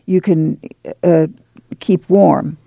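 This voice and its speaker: A man voicing a determined middle-aged farm mother, talking firmly and briskly. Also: on the high side, steady tone, gravelly, mellow, slightly rough, no room sound, highs cut off, full character voice. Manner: firm, brisk, commanding.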